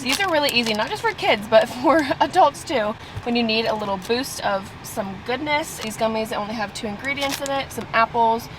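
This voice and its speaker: Chatty young woman vlogging, noisy phone clip. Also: fairly high pitch. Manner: chatty, upbeat, full of "like" and "you know". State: out of breath. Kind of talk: casual vlog chat.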